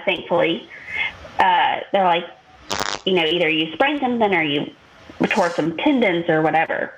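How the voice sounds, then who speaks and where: A woman's voice: medium pitch, muffled recording, a little hiss or hum. A woman, telling a long personal story as a podcast co-host and acting out what others said. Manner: animated storytelling, acts out quotes. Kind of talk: casual chat.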